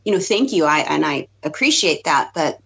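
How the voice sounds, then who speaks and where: A woman chatting casually as a podcast guest co-host, talking quickly with lots of fillers and giggles. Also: low-pitched, expressive, creaky, fairly bright tone, husky. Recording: dull lo-fi podcast audio.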